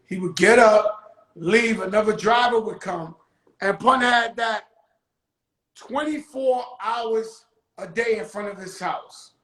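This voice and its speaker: A man spins a loose, profane story as a show host, now and then breaking into a shout. His voice sits high for a man, and the room around him rings with echo. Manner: animated, profane street storytelling with bursts of shouting. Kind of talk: casual storytelling monologue. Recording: roomy echo.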